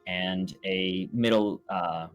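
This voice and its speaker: A man's voice: low-pitched, steady tone, slow pace, lo-fi sound, faint music behind. A man running a tabletop game as game master, describing scenes with frequent fillers.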